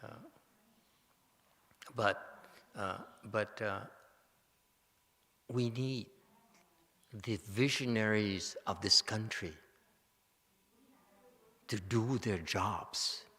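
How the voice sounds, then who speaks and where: A male monk delivers a Dharma talk at an unhurried pace, his voice bright and forward. He gets emotional and excited, jokes often and restarts his sentences. The sound carries a long reverb from a temple hall. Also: fairly low pitch. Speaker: Buddhist monk teaching. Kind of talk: Dharma lecture.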